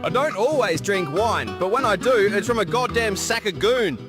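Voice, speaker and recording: A man's voice: sits high, lively intonation, normal speed, music in the background. A man playing a smug, boozy, boastful Australian bloke in a parody ad.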